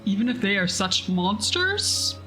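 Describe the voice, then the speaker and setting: A woman's voice: mid-range voice, sing-song, a little slow, sharp tone, soft background music, low-quality recording. A woman doing a wary, put-on-accent alien merchant. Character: anxious male alien merchant from a small world.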